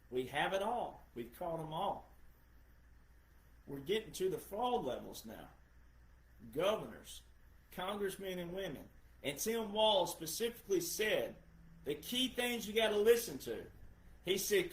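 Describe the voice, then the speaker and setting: A man's voice: high-pitched, animated, moderate pace. A middle-aged man hosting a podcast, giving an emphatic, lecturing political monologue and repeating phrases for effect. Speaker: podcast host. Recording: roomy echo.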